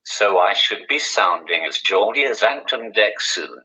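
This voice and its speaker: A man, a comedian, talking through a communication aid with a posh-sounding synthesized voice, giving measured, dry answers. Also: fairly low pitch, animated, pushed and bright, low-quality recording. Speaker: guest comedian.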